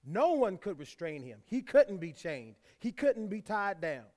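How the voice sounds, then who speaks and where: A man's voice: high-pitched, very animated, a little slow, a little mellow. A man preaching a sermon, reading scripture aloud and repeating key lines for emphasis, with folksy asides to the congregation. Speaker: pastor.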